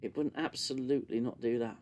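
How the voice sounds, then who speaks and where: A man hosting a casual live discussion stream, talking in long animated runs and sometimes mimicking gushing voices. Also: mid-range voice, brisk, slight background noise. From United Kingdom. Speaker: podcast host.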